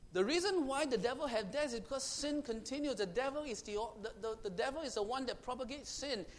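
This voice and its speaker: A man with an extremely high-pitched voice preaches a sermon, swinging from loud proclamation to hushed, intimate tones. His phrasing is emphatic and repetitive.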